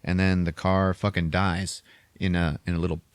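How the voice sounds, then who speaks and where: Low-voiced man in his forties, casual podcast host, profane rambler, dry close sound. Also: little pitch movement, moderate pace, smooth, no room sound. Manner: profane and rambling, lots of filler. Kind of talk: casual movie recap chat.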